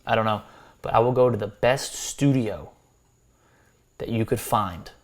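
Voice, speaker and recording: A man's voice: fairly low pitch, unhurried. An American man reviewing subscribers' music, talking loosely with restarts and friendly advice. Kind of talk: casual spoken critique.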